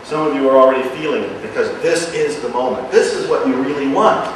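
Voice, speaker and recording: A man's voice: medium pitch, brisk, a little hiss or hum. Earnest self-help man, very echoey room. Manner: earnest, repeats phrases in a hushed soft voice. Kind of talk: motivational talk to an audience. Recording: very echoey room, speaker far from mic.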